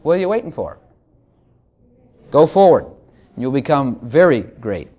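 Animated preacher man. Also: medium pitch, unhurried, dull audio. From Texas. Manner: animated, jokey, reads scripture aloud. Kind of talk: sermon.

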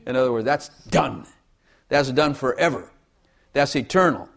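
A man's voice: medium pitch, slow, vocal fry, slightly rough. A man preaching a sermon in a folksy way, repeating phrases and asking the congregation for amens.

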